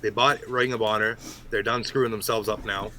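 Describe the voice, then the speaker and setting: A man's voice: fairly low pitch, steady tone, fairly quick. Brief: opinionated male podcast guest, blunt, crowd roaring behind. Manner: opinionated, blunt hot takes. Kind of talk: casual podcast chat.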